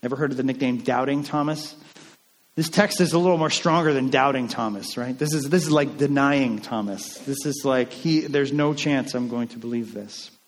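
A man preaching a sermon in a casual, animated way, acting out the lines of the people in the story. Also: mid-range voice, moderate pace, in a large hall. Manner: conversational and animated, acting out quotes. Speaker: pastor.

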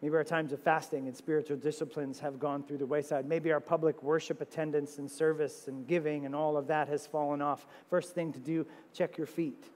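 A man preaching a sermon as pastor, animated, firing off rhetorical questions with sudden loud high exclamations. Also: brisk, few pauses. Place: church sanctuary. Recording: long reverb of a church sanctuary.

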